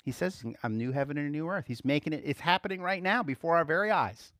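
A man preaching an informal sermon to a class, conversational and quick to laugh, swinging from emphatic outbursts to quiet asides. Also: a little high, dry recording, studio quality.

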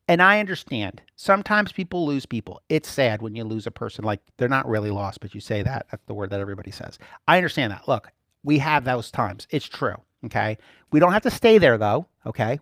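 A male preacher with a fairly high voice, delivering a sermon with animated, playful energy. He laughs often between his points. The sound is dry and close. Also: no room sound.

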